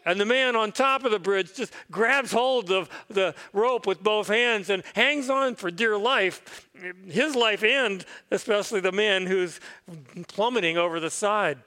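High-voiced pastor telling a story. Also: male voice, unhurried, bright, forceful tone, smooth, big-room sound. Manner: conversational, reflective. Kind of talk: sermon storytelling. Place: church.

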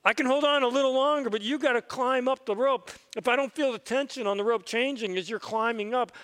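A man's voice: very high voice, a bit bright, clear, resonant tone, long reverb tail, pitched above the performer's own voice. A pastor voicing an impatient, driven man who speaks firmly and in a hurry, in a sermon story. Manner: firm, hurried.

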